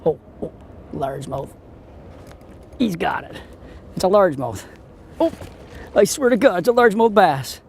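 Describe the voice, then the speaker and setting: A man hosts a fishing show from a boat outdoors, his voice pitched high with a gravelly edge. He exclaims at every catch and even chats to the fish as he reels them in. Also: moderate pace, long pauses, slight background noise. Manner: excitable, exclamatory, talks to the fish. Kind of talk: on-the-water fishing commentary.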